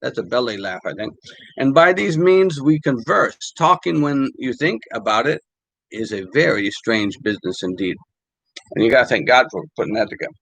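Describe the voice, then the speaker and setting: Halting older man, dry close sound. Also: mid-range voice, gravelly, fairly bright tone, no echo, poor audio. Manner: halting, many fillers and restarts. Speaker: language teacher. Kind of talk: casual talk reading quotes.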